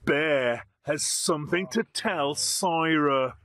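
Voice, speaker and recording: A man narrating a reality show in a measured, announcing manner. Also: on the high side. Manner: measured, announcing times and events. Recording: voice-over over loud music.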